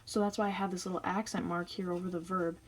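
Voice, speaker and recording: A woman's voice: fairly low pitch, flat delivery, quick pace, breathy edge, low-quality recording. A young woman teaching Spanish grammar in a casual, chatty explainer style, walking through each step.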